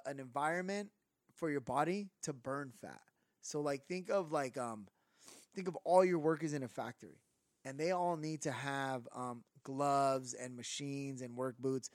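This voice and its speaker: Man, higher-pitched, rambling podcast rant, dry close sound. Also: no room sound. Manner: rambling, animated, drops fillers like "like". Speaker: podcast co-host. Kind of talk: casual rant.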